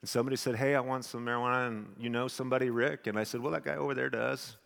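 A man, a pastor, giving a sermon testimony as an animated storyteller who swings from hushed tones to near shouting. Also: medium pitch, rapid-fire, gravelly. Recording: long hall reverb.

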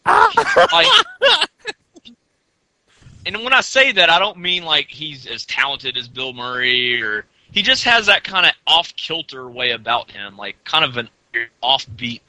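A man's voice: mid-range voice, sing-song, normal speed, hardly any pauses, pushed and bright, no echo, rough recording. A man in casual podcast chat, hedging with many fillers while giving his opinion. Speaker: podcast co-host.

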